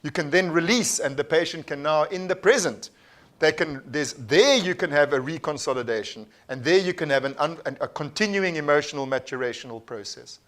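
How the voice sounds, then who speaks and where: A man with a South African accent leads a live workshop, explaining ideas earnestly and patiently. His voice sits fairly high for a man, and he often restarts sentences as he thinks aloud. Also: a little fast, fairly bright tone. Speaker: workshop lecturer. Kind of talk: live workshop lecture with discussion.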